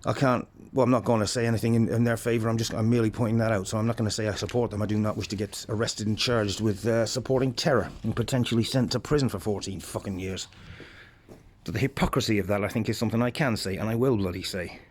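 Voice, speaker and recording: A man's voice: lowish voice, fairly even intonation, fast. A British man rambling bluntly through a profane political monologue outdoors by a bonfire, filming on a handheld camera. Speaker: political vlogger. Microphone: handheld phone camera.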